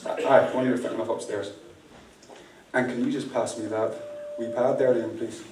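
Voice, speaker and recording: Teasing stage magician. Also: male voice, medium pitch, fairly even intonation, moderate pace, darkish tone. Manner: playful, teasing, directs volunteers. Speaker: magician performing mind-reading. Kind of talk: live stage magic patter. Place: large indoor venue with audience. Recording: echoey room, distant mic, faint noise.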